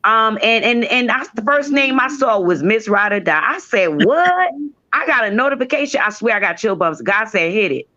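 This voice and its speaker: A man's voice: sits high, expressive, brisk, hardly any pauses, pushed and bright, no echo. Man, from New Jersey, live-stream guest, earnest and spiritual, dull lo-fi call audio, dry sound. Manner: earnest, spiritual, wandering phrasing. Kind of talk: casual live-stream chat.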